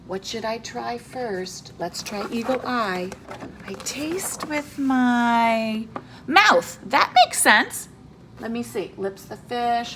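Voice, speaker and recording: A woman teacher giving a video reading lesson to young children and their parents, in an animated, sing-song voice with playful character voices. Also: mid-range voice, gravelly, a little hiss or hum.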